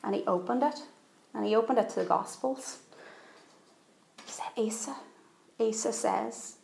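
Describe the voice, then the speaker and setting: A woman preaching in an echoey church hall, her voice slightly gravelly and mid-pitched. She tells the story earnestly and repeats phrases for emphasis. A faint hiss sits under the recording. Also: normal speed, darkish tone. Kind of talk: sermon storytelling.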